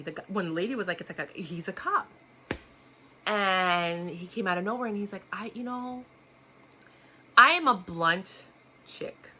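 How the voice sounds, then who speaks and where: A woman's voice: lowish voice, sharp tone. A woman vlogger telling a personal story in a blunt, outspoken way, laughing often. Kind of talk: casual storytelling to camera.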